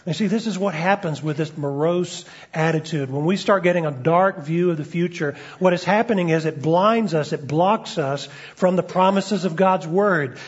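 A man's voice: fairly high pitch, breathy edge. A man preaching a sermon as a pastor, conversational, with frequent fillers and restarts. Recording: dull lo-fi recording.

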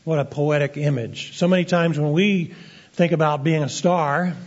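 A man preaching a sermon as pastor, earnest and deliberate, slowing down to stress key phrases. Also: on the high side. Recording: dull lo-fi sermon recording.

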